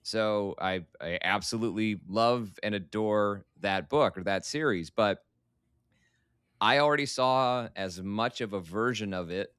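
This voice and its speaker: A man's voice: lowish voice, a little slow, fairly bright tone, clear, resonant tone, dry recording, clean studio sound. A man as a podcast guest, laying out his opinions in an analytical, argument-building way. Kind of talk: casual podcast chat.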